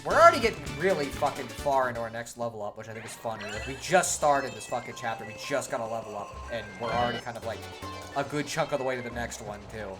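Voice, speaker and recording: Low-voiced woman swearing through a game. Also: lively intonation, fast, low-quality recording. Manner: casual, swearing, thinking aloud. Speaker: game streamer. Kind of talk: let's-play commentary. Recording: game music behind.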